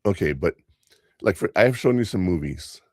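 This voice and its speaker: A man's voice: low voice, lively intonation, moderate pace, dry recording, clean studio sound. An older man hosting a podcast in casual chat, rambling through stories and acting out other people's lines. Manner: rambling storyteller, quoting others in voices. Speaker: podcast host.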